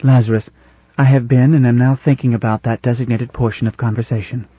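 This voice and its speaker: A husky-voiced man voicing a calm, literal female house computer in an audiobook, speaking in a toneless, formal, precise way. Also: mid-range voice, a little fast, no room sound, lo-fi sound, lightly acted.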